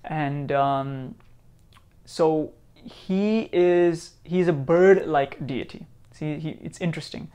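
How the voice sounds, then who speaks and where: A man from India teaching Sanskrit sounds, repeating each sound slowly and patiently. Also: a little high, warm tone, smooth, lo-fi sound. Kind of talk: slow teaching, pronouncing sounds aloud.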